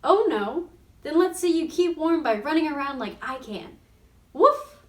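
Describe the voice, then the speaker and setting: A woman voicing an energetic male dog who mocks and boasts. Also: high-pitched, measured pace. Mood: mocking. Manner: mocking, bouncy. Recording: roomy sound from a distant mic.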